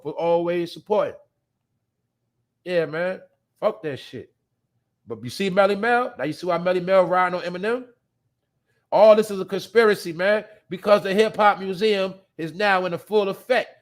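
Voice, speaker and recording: A podcast host with a high-ish voice delivers casual, profane commentary, ranting bluntly straight at his viewers. He swings from loud outbursts to low mutters.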